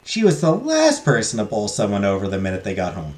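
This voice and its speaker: Expressive man narrating a second-person story. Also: on the low side, a little fast, echoey room, soft background music. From Canada. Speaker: audio drama narrator.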